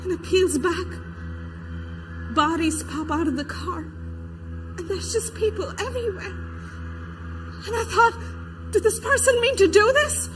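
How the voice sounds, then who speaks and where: A woman's voice: very high voice, measured pace, long pauses, music in the background. An actress playing an adult female protester in a verbatim theater monologue, giving eyewitness testimony and acting out the voices she quotes. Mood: recounting. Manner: vivid retelling that acts out quoted voices. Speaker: stage actor.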